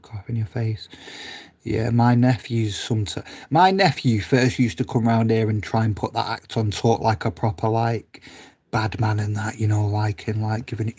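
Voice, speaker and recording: A man chatting casually on a live stream, reading comments aloud, rambling, swearing freely and laughing often, sometimes dropping to a low mutter. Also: steady tone, normal speed, a little mellow.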